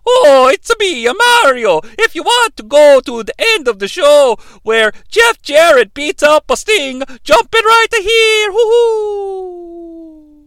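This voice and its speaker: A podcast host voicing a cheery Italian plumber man from a video game, in a high, loud, sing-song voice. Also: expressive, slow, dry recording, studio quality, exaggerated voice.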